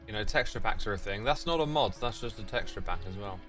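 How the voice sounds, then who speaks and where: Bright, lively British man streaming. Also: on the low side, quick pace, soft background music. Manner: thinking aloud and chatting with viewers. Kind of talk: casual livestream commentary.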